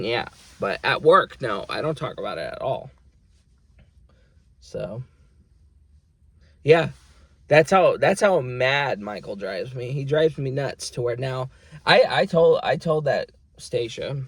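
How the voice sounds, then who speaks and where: A man's voice: on the high side, breathy edge, dry recording. A man vlogging, ranting in a rambling, profane and aggrieved way about being ignored at work. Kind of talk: casual venting monologue.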